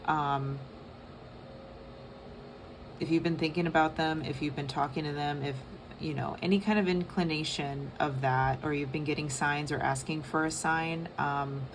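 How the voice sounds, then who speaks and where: A young woman giving a casual tarot reading, soft and rambling with many fillers. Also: low-pitched, noisy background. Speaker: tarot reader.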